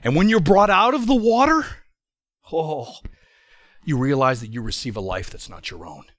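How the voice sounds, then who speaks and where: A middle-aged man telling a personal story in a sermon, speaking in an animated, emphatic way with frequent restarts. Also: fairly high pitch, normal speed, dry recording, clean studio sound. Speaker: preacher.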